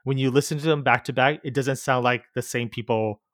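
A man's voice: mid-range voice, steady tone, fairly quick, fairly bright tone, dry recording. Man chatting casually, dry sound. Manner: meandering, laughs easily while explaining. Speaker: podcast co-host. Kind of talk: casual podcast chat.

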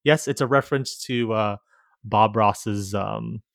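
A man's voice: lowish voice, measured pace, gravelly, dry recording, clean studio sound. A man co-hosting a podcast in casual chat, meandering through his points and laughing easily as he explains. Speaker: podcast co-host.

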